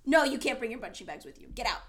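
Young woman, high voice, casual podcast chat, crude and rambling, animated. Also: fast. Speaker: podcast co-host. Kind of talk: casual chat reading fanfiction.

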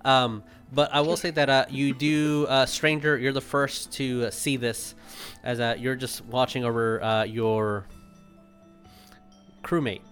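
Halting man running a tabletop game. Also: mid-range voice, level tone, fairly bright tone, soft background music. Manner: halting, many ums and uhs. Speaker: game master.

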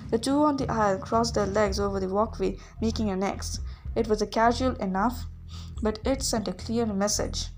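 A woman reading a story aloud in a steady storytelling voice, giving the characters their own voices. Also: mid-range voice, normal speed. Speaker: reader. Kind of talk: audiobook reading.

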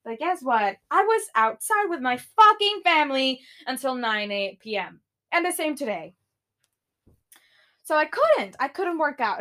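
Young woman, high voice, casual solo podcast rant, swears a lot, loud outbursts. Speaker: podcast host. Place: her bedroom while tidying.

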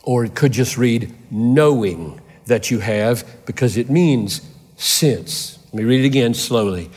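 A man preaching a sermon as a pastor, impassioned, swinging between loud emphatic peaks and quiet intensity. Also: medium pitch, animated, unhurried, slightly rough, big-room sound.

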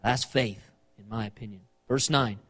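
A man preaching a sermon, animated, repeating phrases and acting out the lines of scripture he quotes. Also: fairly low pitch, moderate pace. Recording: long hall reverb.

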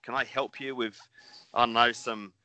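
A man's voice: medium pitch, steady tone, moderate pace, pushed and bright, dry recording. A middle-aged man with a New Zealand accent, co-hosting a casual podcast, rambling and swearing. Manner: rambling, swears, laughs often. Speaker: podcast co-host.

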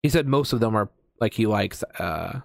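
A man's voice: fairly low pitch, animated, normal speed, gravelly, dry recording, clean studio sound. An American man chatting casually, rambling with lots of fillers, restarts and swearing. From United States. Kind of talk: casual chat.

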